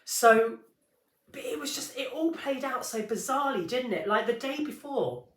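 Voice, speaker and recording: A woman's voice: high voice, animated, normal speed. A middle-aged woman co-hosting a podcast, chatting candidly, swearing and laughing as she acts out quoted lines. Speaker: podcast co-host. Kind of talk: casual chat. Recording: echoey room.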